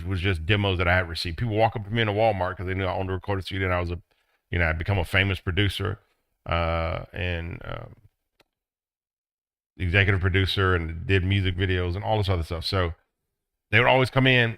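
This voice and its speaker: A middle-aged man teaching a business class, acting out excited quotes in a high voice. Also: smooth, no echo. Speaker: business instructor. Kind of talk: classroom lecture.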